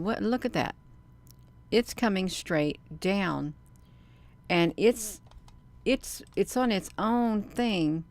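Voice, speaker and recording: Woman, low gravelly voice, excited livestream commentary, addresses viewers directly. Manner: excited, talks to viewers as "you all". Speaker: video creator.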